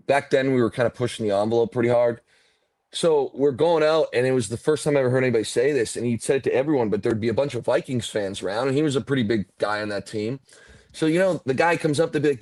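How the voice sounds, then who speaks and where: A man's voice: medium pitch, quick pace, darkish tone, dry recording. A man hosting a podcast, telling rambling stories in casual chat, swearing and laughing often. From Ontario, Canada. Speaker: podcast host, former football player.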